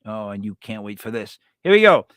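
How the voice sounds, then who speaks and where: A man hosting a live stream, chatting casually and telling stories with lots of restarts and sudden loud yells. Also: on the low side, very animated, fairly quick, clear, resonant tone, no room sound, studio quality. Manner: rambling storyteller with many restarts, bursts into loud yells. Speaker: livestream host.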